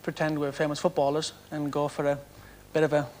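A man's voice: on the high side, monotone, a little fast, a little mellow, a little hiss or hum. A young man, sheepishly telling his story as a game show contestant. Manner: sheepish, understated. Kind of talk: confessional storytelling. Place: TV studio with audience.

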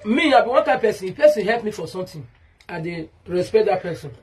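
A woman with a Nigerian Pidgin English accent delivers a heated vlog rant, circling back to the same points again and again. Her voice is deeply husky and breathy, sitting at a middling pitch. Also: animated, fast. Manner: heated, repetitive, calls out someone by name. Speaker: vlogger. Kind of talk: ranting vlog monologue.

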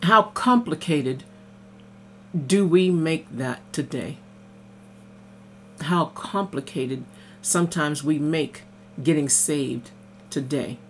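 A woman's voice: low voice, slow pace, pauses often, a little hiss or hum. A woman minister giving a casual devotional sermon over morning coffee. She reads scripture aloud, explains it in plain conversational words, and often says amen and hallelujah.

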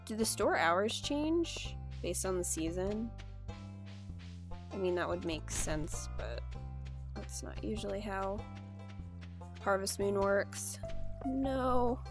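A woman casually narrating her gameplay, chatting and exclaiming at the characters on screen. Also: mid-range voice. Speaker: let's play gamer.

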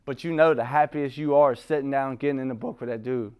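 A man's voice: mid-range voice, fast, darkish tone, clean tone. A middle-aged man speaking at a recovery meeting, rambling and blunt, swearing freely and laughing at himself. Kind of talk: profane, blunt recovery talk.

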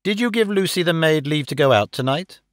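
A man reading the lines of an anxious young woman in an audiobook, in a gentle, concerned way. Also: on the high side, animated, brisk, no echo, clean studio sound, natural voice.

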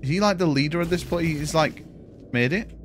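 A man's voice: a little high, brisk, a little hiss or hum. A man casually chatting and swearing while streaming a video game, calling his viewers "boys" and thanking them.

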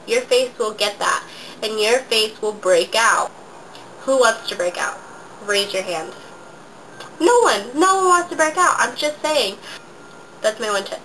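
A woman's voice: mid-range voice, a bit bright, slight background noise, low-quality recording. A young woman vlogging a casual makeup tutorial, talking in a chatty, rambling way with lots of fillers, her voice nasal and stuffy from a cold. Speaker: beauty vlogger.

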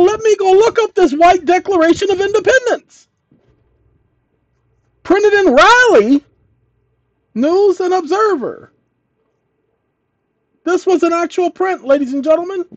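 A man's voice: extremely high pitch, animated, measured pace, pauses often, dry recording, dull audio. A man hosting his channel, reading an old document aloud and commenting on it emphatically, often telling listeners to pay attention. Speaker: channel host.

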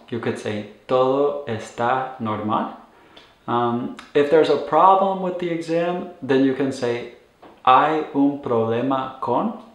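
Slow, patient man teaching in an echoey room. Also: mid-range voice. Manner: patient, repeats phrases slowly for learners. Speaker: medical Spanish teacher. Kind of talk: instructional lesson.

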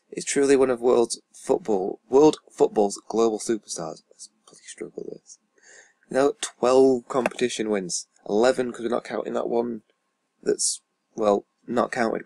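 A man's voice: medium pitch, creaky, warm tone, husky, dry recording. A man giving casual gameplay commentary as a YouTuber, rambling and swearing under his breath as he reads out stats. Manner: rambling, swears and mutters asides. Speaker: YouTuber playing a football management game.

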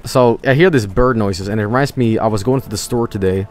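A man's voice: fairly low pitch, a little fast, a little mellow, soft background music. A man streaming a game, joking around casually and slipping into silly voices. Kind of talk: casual gameplay commentary.

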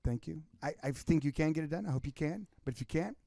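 Brief: male podcast co-host, slightly high voice, animated storyteller, dry close sound. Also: fast, creaky, no echo. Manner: animated storyteller, acts out quoted people. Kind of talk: casual business podcast chat.

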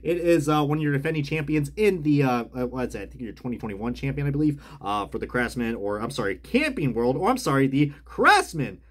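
A man's voice: medium pitch, animated, brisk, few pauses. A man casually reviewing die-cast cars as he unboxes them, chatty and rambling, often correcting himself mid-sentence.

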